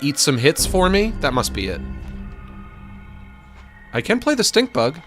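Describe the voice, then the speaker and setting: A man streaming a video game, thinking aloud in an animated, self-mocking way with sudden exclamations. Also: on the high side. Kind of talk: let's-play commentary.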